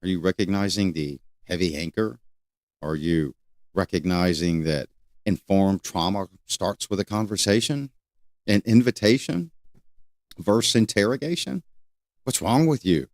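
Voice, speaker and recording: An older man hosting a solo talk show, rambling and repeating questions with many pauses. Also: low voice, dry recording. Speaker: host.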